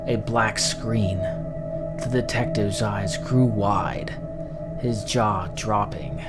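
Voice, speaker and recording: Low slow guy reading a creepy story, spooky music going the whole time. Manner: slow, measured, dramatic. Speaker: horror story narrator. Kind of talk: scripted horror narration.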